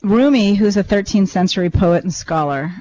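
A woman with a middle-pitched voice in relaxed conversation. She speaks in a reflective, thoughtful way, working through her ideas as she goes. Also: moderate pace, dull audio. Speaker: podcast co-host and teacher. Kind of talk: casual chat.

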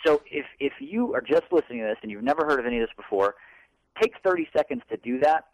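A man's voice: mid-range voice, lively intonation, fast talker, no room sound, low-quality recording. A man co-hosting a self-help talk show, rambling earnestly and acting out his own inner thoughts. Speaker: co-host.

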